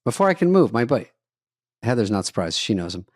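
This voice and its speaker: A man's voice: mid-range voice, sing-song, fast, darkish tone, no room sound, clean studio sound. A man co-hosting a comedy podcast, telling a rambling, self-interrupting anecdote in casual chat. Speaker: podcast co-host.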